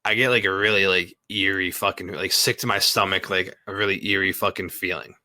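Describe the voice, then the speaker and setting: Profane, forceful man telling a story. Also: deep voice, a little fast, no echo. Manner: profane, filler-heavy, animated retelling. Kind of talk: casual storytelling.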